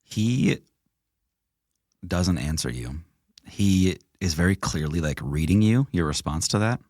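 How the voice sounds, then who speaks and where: Low-voiced man running a tabletop game. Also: no echo, studio quality. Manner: relaxed, halting narration with fillers. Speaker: game master.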